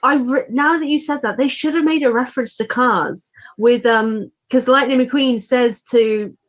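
A woman's voice: a little high, normal speed. Chatty female co-host, rambling, giggly, lots of "like" and "um". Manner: rambling, laughs often, many fillers. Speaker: podcast co-host. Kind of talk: casual chat.

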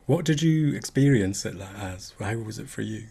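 A man's voice: lowish voice, animated, gravelly, dark tone, breathy edge. A man from Scotland hosting a podcast in casual, self-mocking chat. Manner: chatty, quick to laugh, self-mocking. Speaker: podcast host.

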